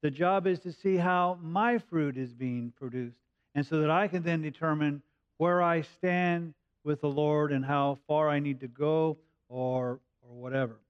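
A middle-aged man preaching a sermon, pausing often and filling gaps as he works through his points. His voice is smooth and a little high for a man, recorded dry with no room sound. The audio is slightly dull, with the top end rolled off. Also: steady tone, no room sound. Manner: halting, with frequent pauses and fillers. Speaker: pastor.

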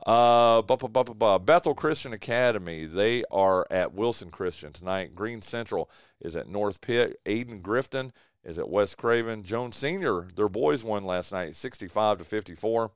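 Man, sports radio host, casual studio chat, filler-heavy, smooth resonant voice, dry sound. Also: fairly low pitch, animated, moderate pace, no room sound. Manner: chatty, filler-heavy, says "dude" a lot. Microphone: studio mic.

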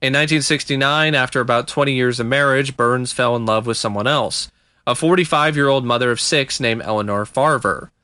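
A man's voice: medium pitch, fairly quick, sharp tone, smooth, no echo. A man co-hosting a casual true-crime podcast, recounting a case in a laid-back way with fillers and chuckles. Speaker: podcast co-host.

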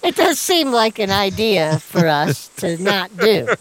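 Woman doing a deadpan son, dry questioning delivery, lively pitch, improv comedy. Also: measured pace, poor audio. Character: deadpan grown son camping with his dad.

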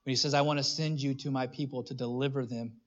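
A man preaching a sermon, animated and conversational, acting out little voices and restarting his phrases. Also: mid-range voice, fast talker, highs cut off. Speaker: pastor.

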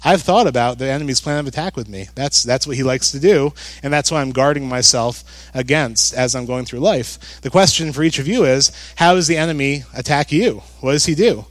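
A man preaching a sermon as a pastor, talking conversationally with jokes and animated emphasis. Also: medium pitch, brisk, dry recording.

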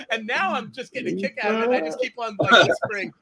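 A man's voice: extremely high pitch, racing, hardly any pauses, over a noisy crowd. A man on a video call telling profane, laughing party stories to friends in casual chat. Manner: profane, laughing, animated storyteller. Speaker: host reminiscing with friends.

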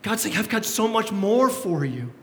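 A male pastor preaching a sermon in a church, animated and acting out the voices he quotes with rising emphasis. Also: high-pitched, normal speed, big-room sound. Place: church sanctuary.

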